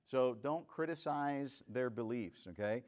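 A man's voice: medium pitch, measured pace, a little mellow. A man teaching church door-to-door outreach in a casual, conversational way, often checking in with "right?".

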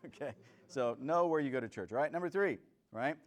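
A man's voice: mid-range voice, expressive, moderate pace. Man casually teaching church outreach. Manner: conversational, many fillers and "right?" checks.

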